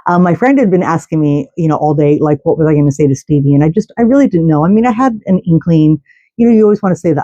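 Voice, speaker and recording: A woman's voice: sits low, fast talker, dark tone, dry recording, dull audio. A middle-aged woman hosting a vlog, telling a long story to camera in a chatty, rambling way with restarts. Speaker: host. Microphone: camera mic.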